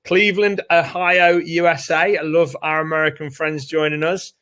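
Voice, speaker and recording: A man's voice: on the high side, little pitch movement, normal speed, pushed and bright, smooth. A British man co-hosting a live webinar from home, chatting casually and upbeat while greeting viewers by name. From United Kingdom. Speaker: co-host of a live training webinar. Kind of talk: casual live-stream chat. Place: home room with doors open.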